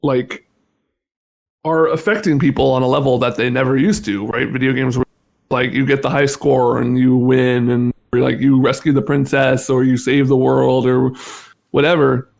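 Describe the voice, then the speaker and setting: A young man speaking as an interview guest in casual conversation, halting with many restarts and fillers. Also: mid-range voice, little pitch movement, gravelly, darkish tone.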